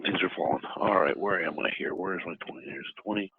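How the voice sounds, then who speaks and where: A man playing a tabletop game, giving brief, deadpan replies. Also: sits low, quick pace, creaky, slight background noise. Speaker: player. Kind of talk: casual tabletop play. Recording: tinny phone-like line.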